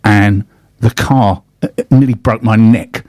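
Man, host, casual chat, low pitch, dry recording. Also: fairly even intonation, slow pace, a little mellow, dry recording. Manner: chatty anecdotes, frequent restarts and laughs.

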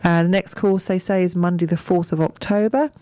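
A woman's voice: lowish voice, steady tone, brisk, dark tone, no room sound. A woman co-hosting a local business radio show, reading news items with chatty asides. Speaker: radio co-host.

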